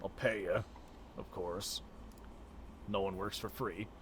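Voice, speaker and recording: A man voicing a male half-orc butcher who calls out loudly, then bargains in a blunt, offhand way. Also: low voice, steady tone, takes it slowly, a little hiss or hum, voice pushed down. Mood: bargaining.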